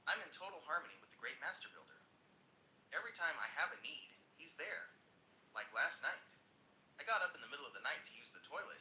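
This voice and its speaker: An AI man's voice reading an elderly male joke character who rambles in earnest. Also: lightly acted. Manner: spoken by an AI voice. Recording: echoey with faint rumble.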